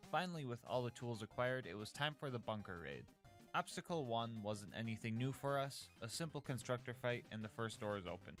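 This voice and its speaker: A man's voice: medium pitch, fairly bright tone. A man narrating a scripted gameplay recap of a challenge run in a jokey, upbeat, slangy way.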